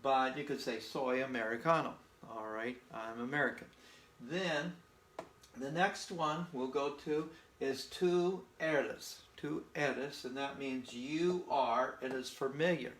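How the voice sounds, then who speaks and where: Slow, gravelly male teacher in echoey room. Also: medium pitch, a bit bright, a little hiss or hum. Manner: slow, patient, folksy explaining with memory tricks. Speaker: Spanish teacher. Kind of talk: informal language lesson.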